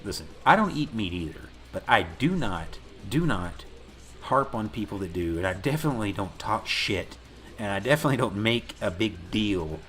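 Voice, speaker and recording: A man's voice: on the low side, moderate pace, soft background music. A man co-hosting a casual podcast, retelling a movie scene by scene with lots of swearing and laughter. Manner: animated storytelling, swearing, laughing often. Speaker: podcast co-host. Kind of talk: casual chat recapping a movie.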